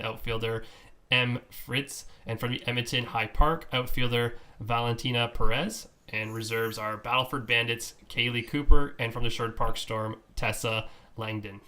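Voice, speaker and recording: A man's voice: medium pitch, pushed and bright. A man co-hosting a podcast in casual chat, easygoing, reading out lists with the odd stumble. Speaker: podcast co-host.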